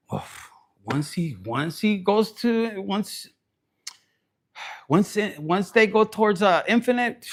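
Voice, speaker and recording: Rowdy high-voiced tarot man. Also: animated, a little slow, gravelly, long pauses, fairly bright tone. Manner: profane, rowdy, slips into Spanish. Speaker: tarot reader. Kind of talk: loose crude tarot reading chat.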